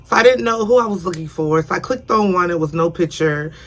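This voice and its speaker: A woman's voice: lowish voice, fairly quick, fairly bright tone. A young woman casually telling a personal story on her vlog, rambling and repeating herself, earnest and emotional. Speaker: vlogger.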